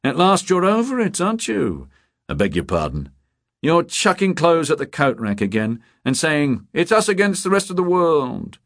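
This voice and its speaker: A man reading a story voices an eager young male detective, chatty and excitable. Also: fairly high pitch, normal speed, no echo, clean studio sound, pitched above the performer's own voice.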